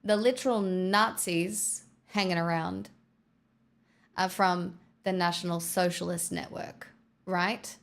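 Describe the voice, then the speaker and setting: A woman's voice: fairly low pitch, fairly even intonation, takes it slowly, creaky. A woman, chatting casually on a live stream, reading out viewer donations and answering them in a wry, sardonic way. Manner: wry and sardonic, peppered with "right?" and "truly".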